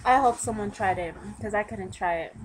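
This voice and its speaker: A woman's voice: mid-range voice, brisk, slight background noise, low-quality recording. A young woman talking casually to the camera in a home video, self-deprecating. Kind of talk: casual vlog chat.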